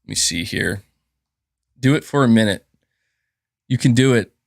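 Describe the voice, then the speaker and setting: A man's voice: fairly low pitch, moderate pace, gravelly, dry recording, studio quality. A man hosting a casual gaming livestream, rambling and thanking viewers, with a sore throat. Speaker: gaming channel host.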